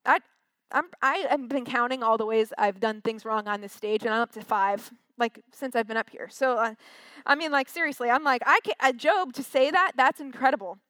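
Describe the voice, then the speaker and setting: Woman preacher, slightly high voice, dry close sound, casual and chatty, acts out the quotes. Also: normal speed, a bit bright, dry recording. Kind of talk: casual sermon. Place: on a stage.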